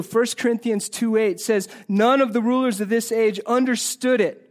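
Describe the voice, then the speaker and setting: High-voiced man preaching earnestly. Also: steady tone. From United States. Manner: earnest, swings between loud emphasis and hushed slow passages. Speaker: pastor. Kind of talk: sermon. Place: church sanctuary.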